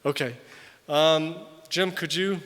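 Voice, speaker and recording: An older man, a missionary, giving an animated conference sermon, loud on emphasis and quiet in asides. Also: a little high, slow. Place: large hall. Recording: long hall reverb from a distance.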